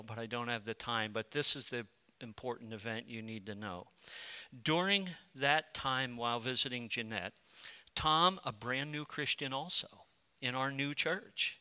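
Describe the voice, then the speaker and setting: A middle-aged man delivers a sermon, his very bright tone carrying both pleading prayer and softly told stories. His voice is smooth and clean throughout. He sounds like a pastor speaking to his congregation. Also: medium pitch, long reverb tail. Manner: impassioned prayer-like pleading, then quiet storytelling.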